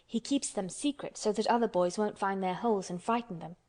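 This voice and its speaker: A contrary, strong-willed orphan girl from a storybook, voiced by a woman. She speaks bluntly and obstinately. Her voice is at an ordinary middle pitch. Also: a little fast, a little mellow, natural voice.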